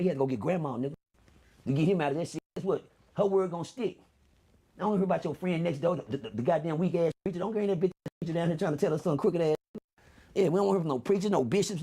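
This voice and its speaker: A man's voice: a little high, quick pace, mellow, breathy edge. A man telling profane street stories in a casual stream, acting out the voices of people he quotes. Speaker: livestream host telling stories to chat. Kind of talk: casual storytelling.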